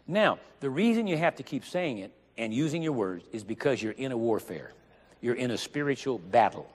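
A man's voice: medium pitch, sing-song. Emphatic preacher man in a reverberant hall. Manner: emphatic, rising to loud stressed phrases, slows down on scripture. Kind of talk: sermon. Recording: long reverb of a large hall.

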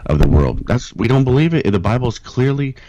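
A man co-hosting a podcast, speaking earnestly and haltingly as he searches for his words. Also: mid-range voice, very animated, mellow, no echo. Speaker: podcast co-host. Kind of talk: casual podcast talk and prayer. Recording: dull, dry lo-fi recording.

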